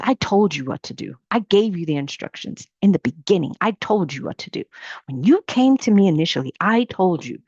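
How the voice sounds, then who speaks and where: A woman's voice: lowish voice, animated, a little fast, a little mellow, breathy edge, no echo, muffled recording. Woman coach preaching in repeated rising questions. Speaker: ministry coach. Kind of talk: informal sermon to women.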